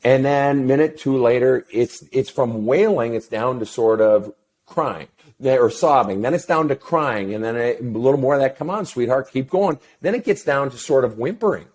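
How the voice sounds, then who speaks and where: A middle-aged man, a counselor talking as an interview guest, telling a story in a blunt, profane and animated way. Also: medium pitch, moderate pace. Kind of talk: casual interview chat.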